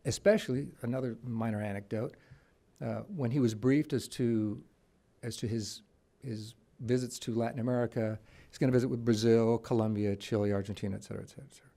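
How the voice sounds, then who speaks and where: A man speaks at a policy conference, with a gravelly edge and a dark, mellow tone. He tells stories and keeps restarting his sentences. He often stops on "uh" before going on. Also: mid-range voice, fairly even intonation. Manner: halting, many restarts and fillers; storytelling with quoted voices. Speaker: conference panelist. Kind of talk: presentation with anecdotes. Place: conference room.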